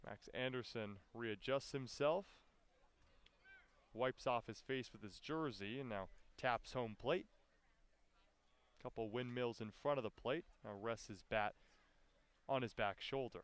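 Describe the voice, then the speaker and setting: A man calling live baseball play-by-play, with his voice climbing sharply in pitch and volume on big plays. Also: a little slow, pauses often, clean tone, no echo. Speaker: play-by-play announcer.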